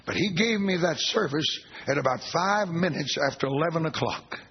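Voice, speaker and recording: A man preaches with a husky, breathy voice, pitched a little high for a man. He tells his story as a sermon and acts out the voices of those in it. The recording is dull and lo-fi. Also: moderate pace. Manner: animated testimony, quoting God and others.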